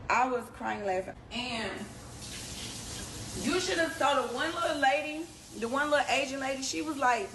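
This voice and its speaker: Animated woman telling a story casually. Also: high-pitched, moderate pace. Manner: animated, slangy, talks straight to the audience. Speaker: reality show personality telling a story. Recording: background noise under the voice.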